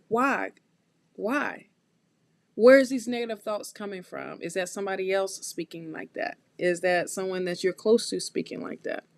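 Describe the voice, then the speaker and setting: Slow, encouraging woman reading tarot live. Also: mid-range voice, no echo. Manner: warm, encouraging, talks straight to viewers with repetitions; loose, chatty phrasing with restarts. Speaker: tarot reader hosting a live stream.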